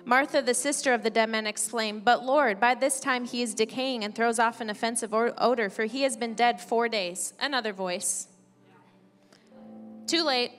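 A woman pastor gives a conversational sermon and reads scripture aloud between her points. Her voice sits a little high, with a long church-hall reverb. Faint music plays underneath. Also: moderate pace, fairly bright tone. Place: church sanctuary.

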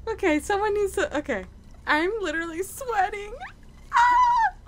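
A woman's voice: very high-pitched, normal speed. A woman commentating a horror game as she plays it, jumpy and easily frightened, gasping, cursing and talking to the characters on screen. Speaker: let's play host. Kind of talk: gameplay commentary.

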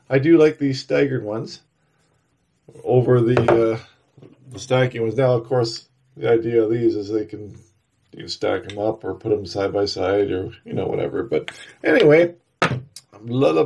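A man's voice: medium pitch, slight background noise. A man with a stuffy, nasal voice from a cold, chatting casually as he narrates a woodcarving tutorial while he works. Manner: relaxed, chatty, talks while working. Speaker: woodcarving channel host.

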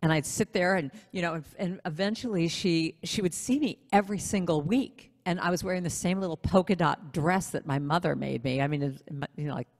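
Lively woman telling a story, echoey. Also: on the low side, a little fast, hardly any pauses. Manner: animated, self-deprecating storyteller. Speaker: singer-songwriter guest. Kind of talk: storytelling in a casual interview. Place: online video interview.

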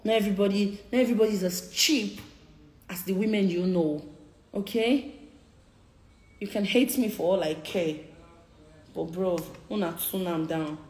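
A lowish, slightly mellow, reverberant voice belongs to a young woman in her 20s, a social media personality with a Nigerian Pidgin English accent. At a moderate pace, she confronts critics in a heated live-stream rant, repeating her points.

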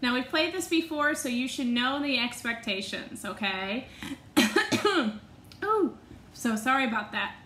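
A woman's voice: high-pitched, lively intonation, measured pace, fairly bright tone. A woman teacher leading a phonics lesson for young children, stretching out each sound with sing-song prompts. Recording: echoey room.

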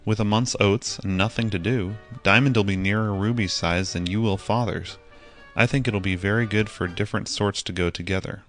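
A man reading an audiobook voices a gentle, earnest young boy, speaking innocently and simply. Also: lowish voice, fairly even intonation, moderate pace, soft background music, lightly acted.

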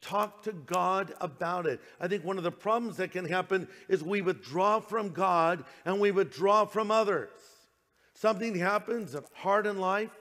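A man's voice: high-pitched, unhurried, a bit bright, long reverb tail. An older man, a pastor, preaching a sermon in a conversational way, slipping into quoted voices.

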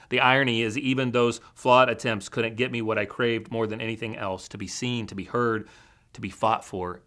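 A man preaching a sermon as a teaching pastor in a church, with an earnest, measured storytelling delivery. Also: on the low side, fairly bright tone.

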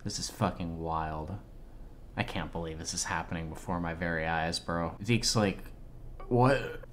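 A man giving excitable, slangy live reaction commentary on an anime episode, exclaiming and swearing often. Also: low-pitched, normal speed, slight background noise.

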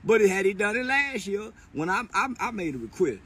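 A man with a high voice rants in a crude, taunting way, full of profanity. He laughs often and fires off repeated words in quick bursts. A faint vehicle hum sits behind him. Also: sing-song, a bit bright. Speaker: commentator. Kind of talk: profane mocking rant.

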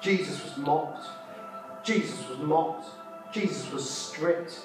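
A fervent man preaches in a slightly high voice, repeating his lines and asking the audience rhetorical questions. He is recorded from far off in a very echoey hall, with faint music underneath. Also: takes it slowly. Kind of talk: sermon. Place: conference hall.

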